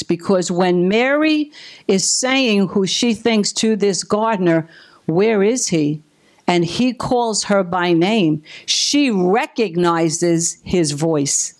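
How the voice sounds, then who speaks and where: A woman's voice: lowish voice, darkish tone. A woman pastor preaching a sermon with emphasis, acting out the scripture quotes as she goes.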